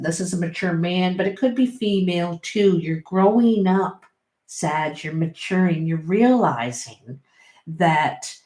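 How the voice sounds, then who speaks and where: Slow, mellow-voiced woman reading tarot. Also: lowish voice. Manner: chatty, encouraging, bursts of excitement. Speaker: tarot reader. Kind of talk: casual tarot reading to camera. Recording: roomy echo.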